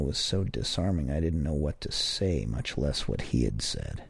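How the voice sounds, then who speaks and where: Male narrator, very deep, gravelly, husky, wry and arch, first-person story reading. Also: lively intonation, normal speed, few pauses, no room sound. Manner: wry, arch, florid wording.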